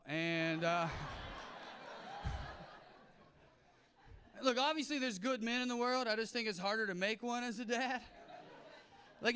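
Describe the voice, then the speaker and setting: Bright-voiced Southern comedian on stage. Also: male voice, extremely high pitch, clear, resonant tone. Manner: brash, punchy, mock-shouting crowd work. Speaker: stand-up comedian. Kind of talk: stand-up comedy set. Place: comedy stage before a live audience.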